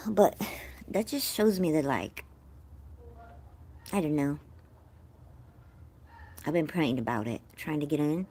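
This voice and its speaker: A chatty American woman hosts a live stream from her home, speaking straight to her viewers. Her voice sits a little on the low side, and her manner is warm-hearted and effusive, with plenty of casual asides. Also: normal speed, long pauses. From California, USA. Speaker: livestream host.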